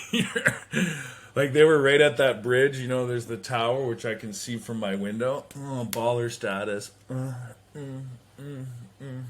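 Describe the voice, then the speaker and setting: A man hosting a podcast, telling a comedic story in a casual, animated way, swearing and slipping into quick impressions of people. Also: medium pitch, slight background noise. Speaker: podcast host. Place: home.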